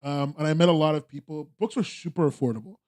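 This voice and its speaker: A young American man with a mellow, slightly high voice hosts a casual podcast. He rambles easily, trailing off and starting sentences over. His tone stays relaxed and unpolished. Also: quick pace. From United States. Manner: rambling, laid-back, frequent fillers and restarts. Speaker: podcast host. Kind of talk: casual chat.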